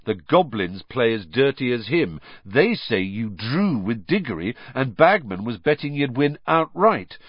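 A man's voice: medium pitch, very animated, measured pace, few pauses, breathy edge, dry recording, muffled recording. A man voicing a wry, gloomy teenage boy with a dry, bitter edge.

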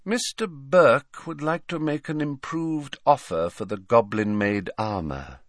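A man voicing a cold, polite young shop assistant who speaks quietly and carefully. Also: medium pitch, lively intonation, no room sound, clean studio sound, pitched above the performer's own voice, lightly acted. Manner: quiet, measured, restrained.

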